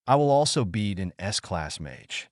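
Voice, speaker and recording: A man's voice: fairly low pitch, sing-song, measured pace, dry recording, studio quality. Man playing a gloating villain mage. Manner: taunting, boastful laugh.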